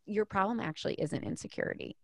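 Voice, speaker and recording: A woman in her thirties talking as a guest on a podcast, emphatic and fast-flowing, with frequent "like" fillers. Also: medium pitch, gravelly, a little hiss or hum. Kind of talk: podcast conversation.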